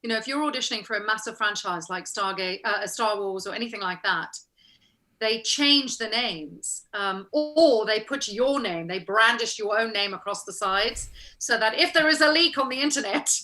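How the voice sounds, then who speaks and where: A woman's voice: medium pitch, moderate pace, pushed and bright. A woman being interviewed as a guest actress. She tells her stories casually, acting out the lines people said and laughing often. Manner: chatty, acts out quoted exchanges, laughs often.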